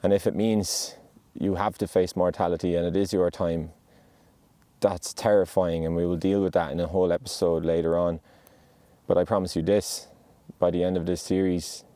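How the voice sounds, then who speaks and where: A man with a low, mellow voice speaks earnestly and reassuringly, as a podcast host delivering a heartfelt monologue. He is outdoors on a mountain, and the sound is close and dry. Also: level tone, moderate pace, no echo.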